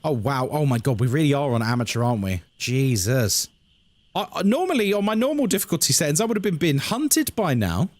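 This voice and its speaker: A man's voice: on the high side, big pitch swings, a little fast, darkish tone, dry recording. A man, chatting casually and joking with his audience while live-streaming a horror game. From England. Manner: chatty, jokey, self-deprecating. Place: home room by a busy road.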